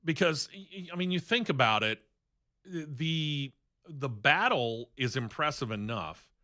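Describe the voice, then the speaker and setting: A man's voice: on the high side, expressive, unhurried, sharp tone. A man hosting a sports talk radio show in a studio, running through racing news in a chatty, opinionated way.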